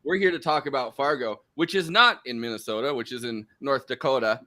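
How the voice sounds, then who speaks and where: A man's voice: mid-range voice, brisk, sharp tone. An American man hosting a podcast, chatting loosely and joking with frequent laughs. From United States. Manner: loose and jokey, laughs often. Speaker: podcast host. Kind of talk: casual podcast chat.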